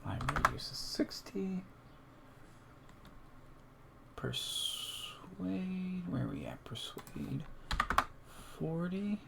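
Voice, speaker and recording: Slow, gravelly man thinking aloud. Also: on the high side, sing-song, heavy background noise. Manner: mutters and reads numbers aloud to himself, chatty asides to the stream chat. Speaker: streamer playing a solo tabletop game. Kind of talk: casual thinking aloud while filling in a character sheet.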